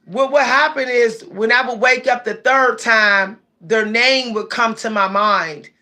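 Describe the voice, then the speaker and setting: A woman's voice: fairly high pitch, unhurried, bright, forceful tone. A woman with hosting a casual livestream, chatting and reading viewer comments aloud. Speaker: livestream host.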